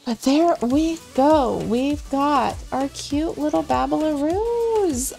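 A woman casually commenting on her life-simulation gameplay, excitable and gushing, with gasps and coos. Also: sits high, takes it slowly, gravelly, few pauses, faint music behind. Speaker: Sims gameplay host.

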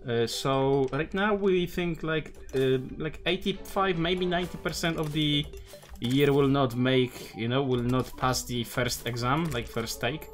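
Man, game streamer, slow-talking, profane, rambling, faint music behind. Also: medium pitch. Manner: profane, rambling, with many fillers. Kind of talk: casual live-stream chat.

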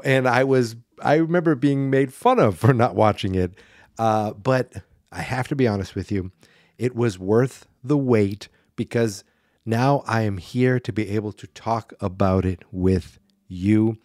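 Male podcast host, lowish voice, casual and self-deprecating, rambling delivery, dry recording. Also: darkish tone, no room sound.

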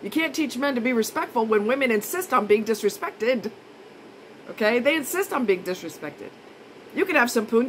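A woman's voice: a little high, lively intonation, normal speed, slight background noise, rough recording. A woman vlogger in a casual monologue, blunt and indignant, repeating her points for emphasis.

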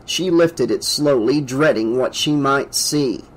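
A man reading aloud as the narrator of a horror audiobook, in a steady, measured way. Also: medium pitch, poor audio. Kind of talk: scripted narration.

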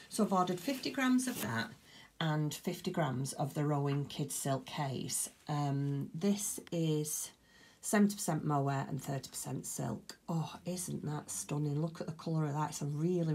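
Woman, husky, lowish voice, chatty, enthusiastic, casual craft vlog. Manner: chatty, enthusiastic, gushing over fabrics. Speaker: crafting vlogger. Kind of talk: casual chat. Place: home craft room.

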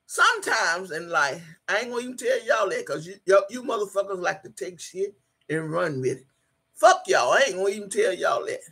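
A woman hosting a casual live stream, reading the chat out loud, swearing freely, laughing often and hollering in bursts. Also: on the low side, slightly rough. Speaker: livestream host.

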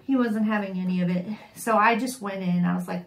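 A woman vlogger telling a funny family story in a casual, wry and animated way, often laughing. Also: medium pitch, a little fast. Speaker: sewing vlogger. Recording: echoey room.

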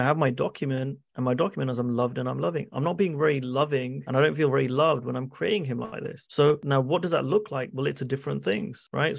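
Male business coach, gravelly voice, dry close sound, storytelling to a class. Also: mid-range voice, dry recording. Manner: candid storytelling, acts out quoted exchanges. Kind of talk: masterclass talk with anecdotes.

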